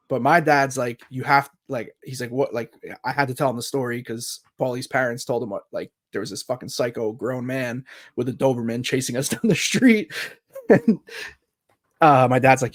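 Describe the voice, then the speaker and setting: Animated, swearing male storyteller. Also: mid-range voice. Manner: animated storyteller, swears freely, acts out quoted voices. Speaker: podcast co-host. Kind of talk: casual storytelling chat.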